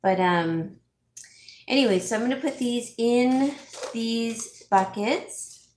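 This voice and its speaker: A woman's voice: on the high side, takes it slowly, a little mellow, slight background noise. A woman vlogging casually from home, chatting with her viewers in a gushing way and often restarting her sentences. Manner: chatty, gushing, thinks aloud with many restarts. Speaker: home stager and DIY vlogger. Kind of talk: casual live chat reading viewer comments. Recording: roomy echo.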